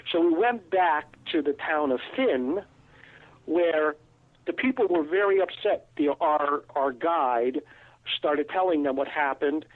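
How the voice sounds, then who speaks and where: A male guest recounting a personal encounter, storytelling with pauses and restarts. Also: a little high. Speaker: guest investigator. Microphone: phone line. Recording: tinny phone line.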